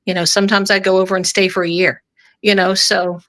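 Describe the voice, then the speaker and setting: Chatty middle-aged woman from northern ireland, no irish accent, bright voice, rambles on. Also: mid-range voice, level tone, a little fast. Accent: American, no Irish accent. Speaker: guest author. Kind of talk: casual chat.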